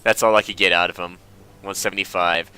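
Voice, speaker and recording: A man's voice: low-pitched, steady tone, brisk, bright, forceful tone, clear, resonant tone. A man casually commenting on his video game playthrough, making wry, chatty asides. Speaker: let's play host.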